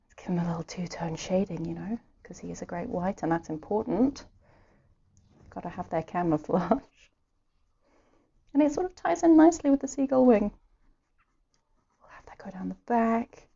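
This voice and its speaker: An Irish art streamer talks casually at home while drawing, giggling and muttering to herself over her sketches. Her mid-range voice is mellow and creaky with a breathy edge, lively intonation, a moderate pace and frequent pauses. The stream audio is dull and lo-fi.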